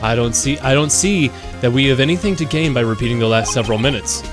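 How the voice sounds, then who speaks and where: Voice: mid-range voice, fast, over music, close to an everyday voice. A streamer voicing a formal, proud male prosecutor from a courtroom game. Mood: stiff. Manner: formal, clipped.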